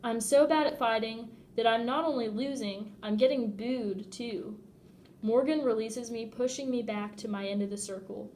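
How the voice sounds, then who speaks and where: A woman reading a novel aloud in first person, expressive and often laughing at the text. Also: fairly high pitch, normal speed, a little hiss or hum. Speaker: audiobook reader.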